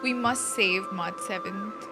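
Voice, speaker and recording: A woman streaming a game quest, reacting in an excitable, gushing and giggly way in casual commentary. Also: medium pitch, slow, music in the background.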